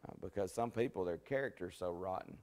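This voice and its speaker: A man's voice: low-pitched, a little fast, darkish tone. A man teaching a Bible study in a church, folksy and conversational with many restarts. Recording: long church hall reverb.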